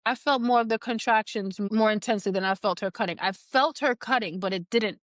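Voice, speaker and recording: Woman guest telling her birth story, smooth clear voice, dry close mic, laughs as she goes. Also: mid-range voice, a little fast, no echo. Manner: candid, animated, laughs while telling. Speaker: podcast guest. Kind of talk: personal storytelling.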